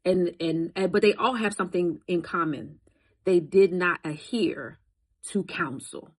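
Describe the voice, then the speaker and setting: A woman's voice: fairly low pitch, measured pace, rough recording. Preachy woman talking to camera. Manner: preachy, conversational, rises into emphatic exhortation. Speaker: Christian content creator. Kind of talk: casual faith commentary to camera.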